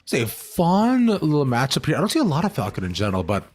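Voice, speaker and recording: A man's voice: mid-range voice, huge pitch swings, quick pace, a little mellow, a little hiss or hum. A young man casting an esports match in a casual, rambling way, full of fillers and restarts. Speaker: esports caster.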